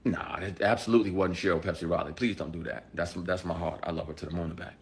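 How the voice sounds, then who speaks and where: A man from Michigan with a husky, low-set voice speaks with intense conviction. He surges into loud, heated emphasis, then sinks back to a quiet, grave tone. His delivery is emphatic and deliberate throughout. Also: steady tone. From Michigan, USA. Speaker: actor. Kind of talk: impassioned spoken statement.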